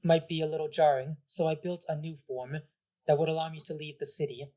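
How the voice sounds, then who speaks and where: A man's voice: a little high, steady tone, brisk, mellow, voice pushed up, close to an everyday voice. Guy doing a prim polite robot guide lady, formal wording. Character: polite female machine guide in cyborg form.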